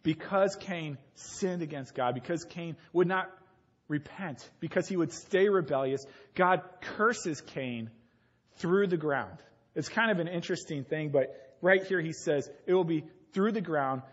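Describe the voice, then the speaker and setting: A pastor delivers his sermon in a relaxed, conversational way, dropping in everyday stories from his own childhood. His voice sits a little high for a man. The recording is slightly dull and muffled. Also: a little slow, breathy edge. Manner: conversational preaching with homely examples.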